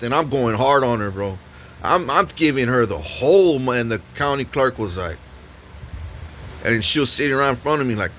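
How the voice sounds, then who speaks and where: A man's voice: mid-range voice, animated, moderate pace, fairly bright tone, slight background noise. Profane, rambling man telling a story. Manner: profane, rambling, many restarts. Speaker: vlogger. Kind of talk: ranting story vlog.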